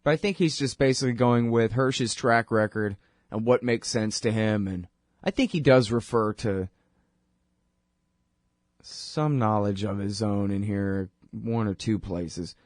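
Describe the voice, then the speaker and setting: A man hosting his own radio show, talking in a rambling, wry, conversational way full of quick asides. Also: lowish voice, no echo, studio quality. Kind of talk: casual monologue.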